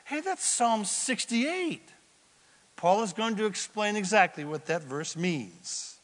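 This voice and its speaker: A man's voice: sits high, slow. A man pastor delivering a dramatic sermon in a church, acting out scenes as he preaches. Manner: animated and dramatic, acts out scenes. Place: church sanctuary. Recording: reverberant church hall.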